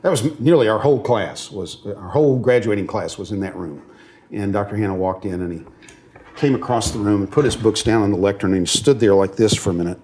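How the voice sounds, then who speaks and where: A man with a fairly low, darkish voice lectures fairly quickly, with some background noise present. He is a seminary professor, earnest and sometimes emotional on moving points, who often checks in with his students and speaks with many fillers and restarts.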